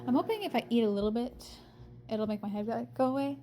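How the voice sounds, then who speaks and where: A young woman recording a casual video diary at home, hoarse and out of breath, rambling in a tired voice and swearing often. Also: fairly high pitch, expressive, fast, over music. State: hoarse from singing; out of breath from pacing. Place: home kitchen, microwave running.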